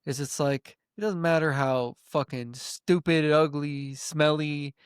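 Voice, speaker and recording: A man's voice: on the high side, fairly even intonation, a little slow, clean tone, dry recording, clean studio sound. A man co-hosting a podcast, musing in an earnest way, hedging often and swearing casually. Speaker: podcast co-host. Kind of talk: casual chat.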